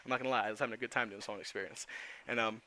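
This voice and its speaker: Fast-talking young man telling a story. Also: fairly low pitch. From New Jersey. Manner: animated, profane, re-enacts dialogue. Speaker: vlogger telling a personal story. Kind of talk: casual storytelling.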